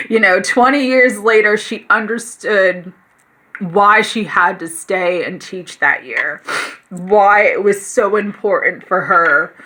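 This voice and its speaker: A woman speaks with a bright, clear voice in an emotional spiritual talk, close to tears. She is earnest and encouraging, with warmth in how she reaches out to her listeners. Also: medium pitch. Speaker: spiritual teacher. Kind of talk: heartfelt spiritual talk to camera.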